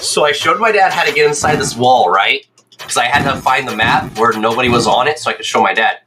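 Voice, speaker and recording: A young man streaming a game, telling rambling, excitable stories in casual chat and checking in with "right?". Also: medium pitch, brisk, noisy background. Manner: excitable, swears.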